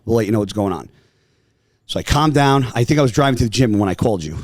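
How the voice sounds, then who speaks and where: A man talks at an everyday pitch, spinning a long story full of swearing and quick acted-out quotes. The sound is dry and close, with no room around it. He speaks in loose podcast chat. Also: no echo. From New Jersey, US. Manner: animated, profane, acts out voices in quotes. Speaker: podcast guest. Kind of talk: casual storytelling. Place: podcast studio.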